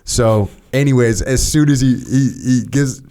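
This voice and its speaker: A man's voice: mid-range voice, a little slow, mellow, smooth. A man hosting a podcast, talking bluntly and casually, reading sponsor plugs and teasing his guest. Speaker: podcast host. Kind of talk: casual podcast chat with ad reads.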